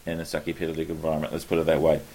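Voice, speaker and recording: A man's voice: very deep voice, completely flat delivery, rapid-fire, warm tone, husky. An Australian man hosting a casual chat, rambling and correcting himself as he goes, often chuckling. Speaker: podcast host.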